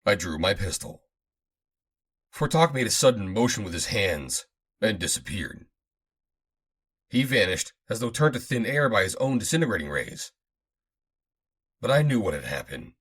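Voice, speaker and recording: Husky male audiobook narrator. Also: fairly low pitch, moderate pace, pauses often. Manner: dramatic, expressive reading. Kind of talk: first-person audiobook narration.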